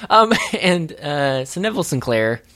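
A man's voice: a little high, very animated, a little slow, pushed and bright. A man co-hosting a casual podcast, recapping a film in a rambling, hesitant way with lots of fillers and dry sarcasm. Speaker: podcast co-host.

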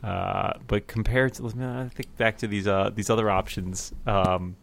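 Low-voiced man rambling and joking. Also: steady tone, a little slow, gravelly. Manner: jokey, rambling, many restarts and laughs. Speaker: podcast co-host. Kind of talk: casual chat.

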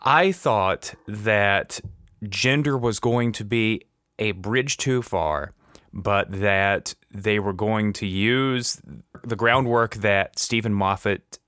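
Male podcast co-host, measured and wry, lowish voice, dry close sound. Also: fairly bright tone, no room sound. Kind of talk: casual chat.

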